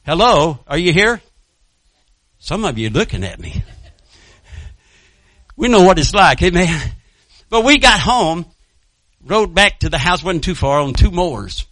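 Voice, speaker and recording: A man's voice: high voice, very animated, measured pace, pauses often, fairly bright tone, no room sound. A male pastor preaching a sermon and telling a personal story in a folksy way, calling out to his congregation and chuckling between lines.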